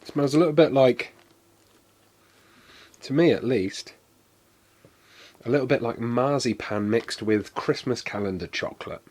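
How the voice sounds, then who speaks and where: A man's voice: mid-range voice, measured pace, long pauses, darkish tone. A man chatting on a live stream as he tastes and reviews sweets, rambling and poking fun at himself. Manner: chatty and self-deprecating, rambling with fillers. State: coughing, something went down the wrong way.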